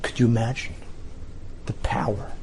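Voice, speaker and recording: A middle-aged man, a rabbi, telling an inspirational story in short, dramatic phrases with pauses. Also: medium pitch, little pitch movement, gravelly, background noise.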